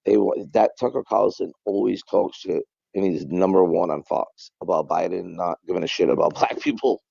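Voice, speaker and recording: A man speaking in an interview clip, emphatic and blunt. His voice is very low, gravelly and dark. The clip sounds dull and muffled. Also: fairly even intonation, moderate pace, dry recording.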